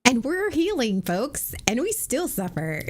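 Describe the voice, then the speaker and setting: A woman on a podcast with a soft, reassuring way of speaking. A playful, teasing edge runs under her calm words. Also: high voice, measured pace, slight background noise. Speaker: podcast co-host. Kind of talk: casual podcast chat.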